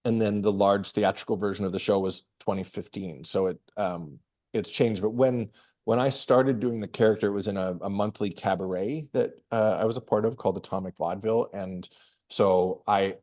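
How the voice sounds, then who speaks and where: Middle-aged male guest, low voice, relaxed anecdotal delivery, casual podcast chat. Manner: relaxed storytelling with frequent restarts and laughs. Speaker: guest comedian and performer. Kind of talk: casual interview answers.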